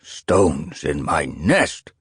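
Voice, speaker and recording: A man croaking as a grumpy old tomcat elder. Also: very deep voice, sing-song, no room sound, studio quality, full character voice. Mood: grumbling. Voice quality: croaking, irritable. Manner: slow grumbling mutter. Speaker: audiobook narrator. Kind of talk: storybook character voice.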